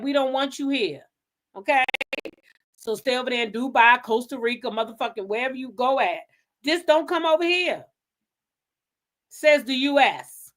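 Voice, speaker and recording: A woman's voice: a little high, animated, moderate pace, a bit bright. Gossip host, woman; profane, sassy, heated unscripted commentary.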